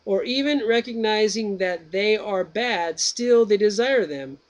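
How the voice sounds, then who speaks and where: Socrates, as a man reads him aloud, slow and lofty. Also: sits high, expressive, highs cut off, voice pushed up. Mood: probing. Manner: slow, measured, drawn-out reading. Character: Socrates, old male Greek philosopher, patient questioner.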